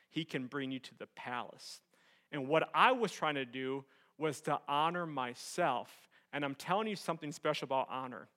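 A young man preaching a sermon as pastor, telling a personal story with animated swings from loud excitement to soft earnest tones. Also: on the high side.

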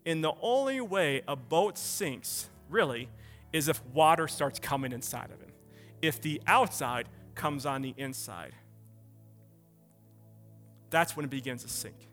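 A man's voice: fairly high pitch, expressive, measured pace, long pauses, a bit bright, faint music behind. A man in his thirties preaching a sermon as pastor, impassioned and full of rhetorical questions.

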